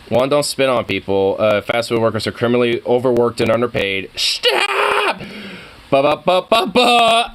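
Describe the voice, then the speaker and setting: A young man reacting to a video, ranting in a heated, profane, casual way. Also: medium pitch.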